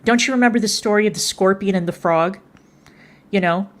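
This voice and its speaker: A woman's voice: medium pitch, brisk. A woman streamer scolding someone in heated livestream commentary, contemptuous and swearing freely.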